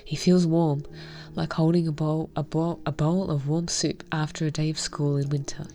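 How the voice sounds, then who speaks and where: A woman reading a visual novel aloud and commenting on it, in a soft, half-whispered, heartfelt way. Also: sits low, little pitch movement, normal speed, faint music behind. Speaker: game reviewer.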